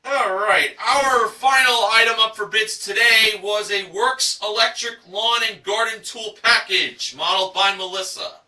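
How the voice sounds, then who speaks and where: A man's voice: high-pitched, fairly even intonation, measured pace, hardly any pauses, sharp tone, roomy sound, recorded from a distance, rough recording. A man recapping a game show episode in enthusiastic narration, stretching out dramatic price reveals.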